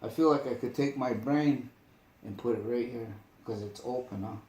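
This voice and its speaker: A man telling stories in casual conversation, emphatic and animated, often asking if the listener follows. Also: mid-range voice, normal speed, roomy sound, lo-fi sound. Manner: animated, emphatic, asks "you get me?". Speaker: storyteller. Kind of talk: casual storytelling chat.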